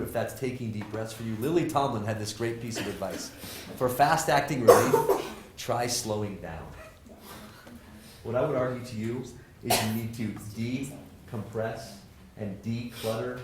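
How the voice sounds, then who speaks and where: A man, a professor, giving a lively motivational talk to students, joking and asking the audience questions. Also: on the low side, normal speed, very noisy. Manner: animated, jokey, asks the audience questions. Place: lecture hall with audience. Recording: roomy hall sound.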